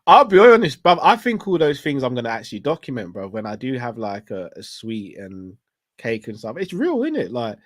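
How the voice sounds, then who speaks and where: A man's voice: medium pitch, huge pitch swings, fairly quick. A man co-hosting a live stream, chatting in a laid-back way and laughing often. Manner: laid-back, laughs often, says bruv and innit a lot. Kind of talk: casual chat with viewers.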